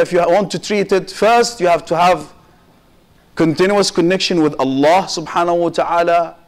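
A man giving a Muharram sermon as a sheikh, with impassioned emphasis that rises and falls and quotations in Arabic. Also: high voice. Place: community mosque hall.

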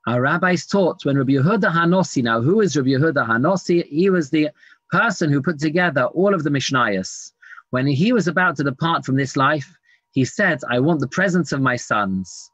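Rabbi teaching Talmud in a dull, dry recording. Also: male voice, a little high, a little fast, a bit bright, slightly rough, no echo. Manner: reads Aramaic text then explains it in English, many fillers. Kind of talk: Talmud class lecture. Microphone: screen-sharing online class.

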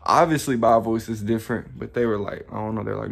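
A man's voice: lowish voice, fast, creaky. A young man talking straight to camera in a rambling, profane, self-reflective vlog monologue, often laughing at himself. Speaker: YouTuber. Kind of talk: casual motivational monologue.

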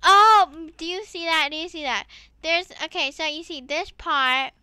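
A woman giving excited gameplay commentary as a gaming YouTuber, squealing and laughing while she plays. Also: sits high, moderate pace, dry recording.

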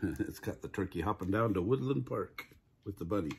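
An older man, a grandfather, reading a children's picture book aloud with gentle asides. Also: sits low, expressive, brisk, gravelly, slight background noise. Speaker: storybook reader.

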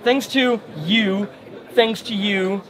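A man's voice: high voice, slow pace. A man hosting casual, jokey banter at a guitar trade show. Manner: jokey, excitable. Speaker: YouTube host. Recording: loud crowd chatter behind.

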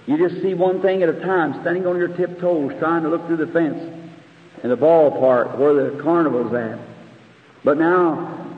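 A man preaching a sermon in an earnest, conversational way, often asking the audience questions, recorded on old tape in a church hall. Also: on the high side. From United States. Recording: phone-like archival tape in an echoey hall.

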